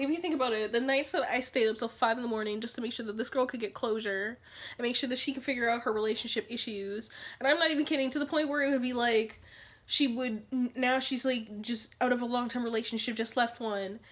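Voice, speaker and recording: A young woman vlogging casually to her camera, chatty and animated, repeating lines for emphasis and dipping into whispered asides. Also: a little high.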